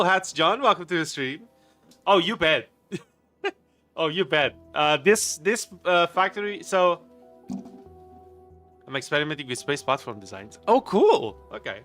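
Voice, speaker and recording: A man's voice: a little high, animated, moderate pace, long pauses, a bit bright, soft background music. A man live streaming a game, chatting casually with viewers, greeting them by name and laughing often in a playful, rambling way. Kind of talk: casual live stream chat while gaming.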